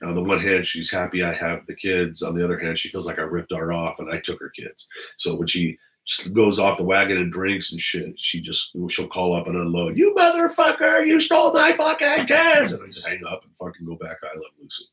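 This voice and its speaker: A man's voice: sits low, level tone, a little fast, sharp tone, rough recording. A middle-aged man, a retired police officer, telling stories in a blunt, profane, rambling monologue.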